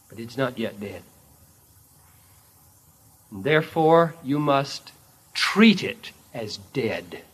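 Dramatic, animated male preacher. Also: mid-range voice, slow, pauses often, breathy edge. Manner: dramatic storytelling, swinging from loud to hushed. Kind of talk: sermon.

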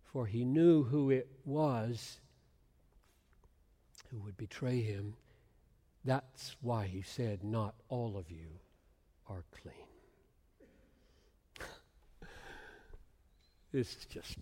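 A man preaching an expository sermon, swinging from hushed whispers to loud emphatic bursts. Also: mid-range voice, drawn-out words, pauses often. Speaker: pastor. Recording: long hall reverb.

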